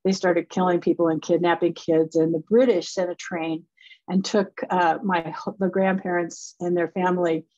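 A woman's voice: fairly low pitch, little pitch movement, moderate pace, no room sound. An older woman from Wisconsin with a light Wisconsin accent, giving an academic lecture over a video call in a chatty way with friendly asides. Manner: chatty, warm asides and laughs between points. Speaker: guest lecturer. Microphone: remote video call. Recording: dull, dry video call audio.

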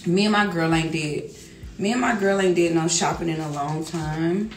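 A middle-aged woman talking casually on a livestream, loud and animated, laughing often. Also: fairly low pitch, moderate pace. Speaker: livestream host. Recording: echoey room with music behind.

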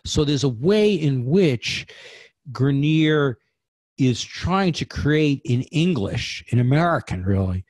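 A man's voice: mid-range voice, animated, darkish tone, dry recording. A thoughtful man on a dry video call. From New York. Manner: thoughtful, halting, lots of restarts. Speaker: guest poet. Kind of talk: casual poetry discussion over video call.

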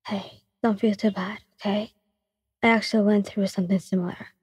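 A woman voicing a calm, caring teenage boy who speaks softly and reassuringly, in a storybook reading with a breathy tone. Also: medium pitch, moderate pace, no echo, studio quality, big-room sound. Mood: gentle. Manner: soft, gentle, reassuring.

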